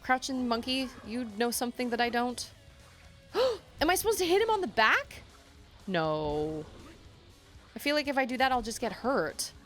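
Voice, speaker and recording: A young woman streaming a video game, thinking out loud and often restarting her sentences with self-deprecating remarks. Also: on the high side, very animated, moderate pace, long pauses, soft background music. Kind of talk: live game stream chat.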